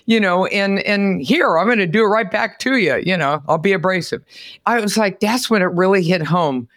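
A woman hosting a podcast, telling stories in an animated, chatty way and exclaiming often. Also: on the low side, moderate pace, no echo. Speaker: podcast host. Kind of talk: casual interview chat.

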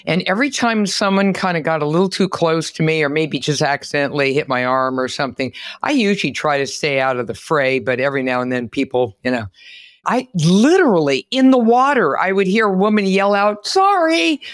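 A woman hosting a podcast, telling stories in an animated, chatty way and exclaiming often. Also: sits low, a little fast, no room sound, studio quality. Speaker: podcast host. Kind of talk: casual interview chat.

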